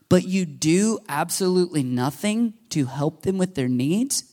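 A man's voice: high-pitched, expressive, unhurried, darkish tone. A man preaching a sermon to his church, talking in a conversational way, joking and acting out little quoted voices. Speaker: pastor.

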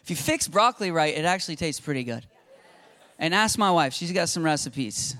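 A man's voice: on the high side, animated, brisk, bright, forceful tone. A middle-aged man preaching a sermon as pastor, acting out Bible dialogue with rising intensity.

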